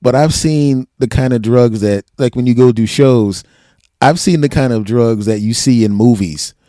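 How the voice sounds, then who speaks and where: A man's voice: mid-range voice, normal speed, warm tone, no echo, clean studio sound. A man hosting a podcast, a comedian who jokes and laughs often while telling his own stories. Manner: joking, laughs often, acts out quotes. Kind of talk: casual conversation.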